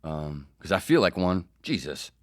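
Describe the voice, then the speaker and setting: A man's voice: sits low, big pitch swings, unhurried. A man hosting his own comedy podcast, talking in a rambling, sarcastic, profane monologue. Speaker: podcast host.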